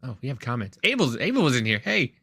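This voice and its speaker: A man with a gravelly, creaky voice, recorded dry and close with no room sound. He co-hosts a casual podcast and tells a long story in a rambling way, with many restarts. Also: mid-range voice, quick pace, no room sound. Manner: rambling, animated anecdote with restarts. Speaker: podcast co-host.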